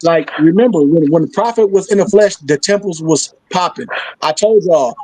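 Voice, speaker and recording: A man's voice: on the high side, normal speed, warm tone, dry recording, low-quality recording. A man hosting a discussion, blunt and sarcastic in a preaching manner, from Michigan. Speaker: host. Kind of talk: heated discussion.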